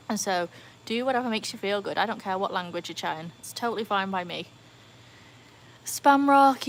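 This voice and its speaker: A woman hosting a casual livestream by her pool, chatting excitedly and answering viewer comments. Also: medium pitch, a little hiss or hum. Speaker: livestream host. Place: outdoors by a backyard pool. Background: faint outdoor ambience, dogs.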